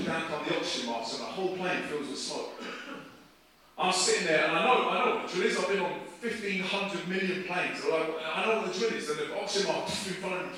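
A man preaching, telling a story with lively energy and acting out the voices in it. His voice is bright and a touch high. It rings through a very echoey hall, picked up from a distance. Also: quick pace. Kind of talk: sermon storytelling.

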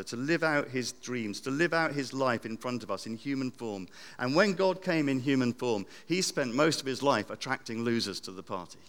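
A man preaching a sermon in a church, reflective, repeating phrases and swinging between loud and hushed. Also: mid-range voice. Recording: long church reverb.

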